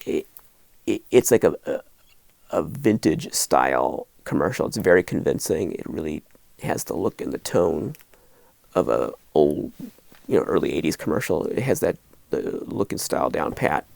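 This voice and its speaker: A middle-aged man hosting a horror video, talking casually to camera in a rambling, animated way with lots of restarts. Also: extremely low pitch, moderate pace, vocal fry, dry recording.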